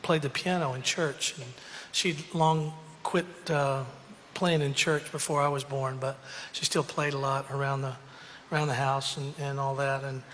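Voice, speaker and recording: A man's voice: mid-range voice, flat delivery, moderate pace, fairly bright tone, big-room sound, slight background noise. A man telling a rambling, humorous story full of fillers and asides. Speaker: country singer telling a story. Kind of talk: casual storytelling to an audience.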